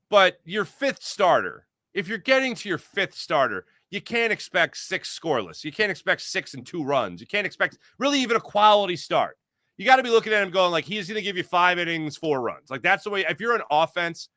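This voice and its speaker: A man hosting a live postgame sports podcast, reading viewer comments in an energetic, rambling, jokey way. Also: sits high, a little fast, no echo, clean studio sound.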